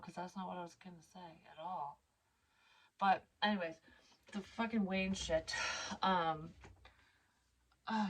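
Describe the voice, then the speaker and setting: A woman with a fairly low voice tells a long personal story in an unscripted, rambling way. She is blunt and swears freely, drifting into asides before coming back to the point. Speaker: psychic medium vlogger.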